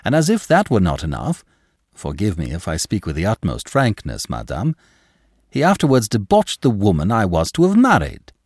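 A man voicing a passionate young gentleman who speaks with formal gallantry and heated conviction. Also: lowish voice, huge pitch swings, normal speed, no echo, studio quality. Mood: impassioned.

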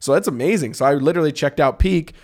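Fast-talking rambling man podcast host. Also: on the high side, darkish tone. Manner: rambling, enthusiastic, many fillers and restarts. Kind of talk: casual chat.

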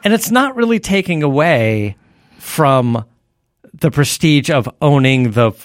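A man's voice: fairly high pitch, lively intonation, a little slow, no echo, clean studio sound. A man co-hosting a podcast, chatting casually about cars and laughing often. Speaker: podcast co-host. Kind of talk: casual chat.

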